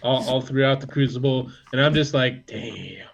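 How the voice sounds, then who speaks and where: A man's voice: mid-range voice, little pitch movement, fairly quick, muffled recording. A man from Louisiana with a Cajun accent, co-hosting a live-stream podcast in a joking, playful way. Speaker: podcast co-host. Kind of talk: casual live-stream chat.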